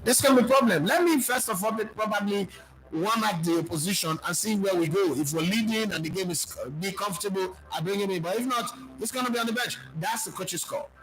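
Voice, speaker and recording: A man's voice: sits high, fairly quick, poor audio. A young man with a Nigerian accent hosting a football live stream, arguing his points emphatically and slipping into pidgin. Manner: emphatic, argumentative, slips into pidgin. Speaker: football channel host. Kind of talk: live-stream football talk and comment reading.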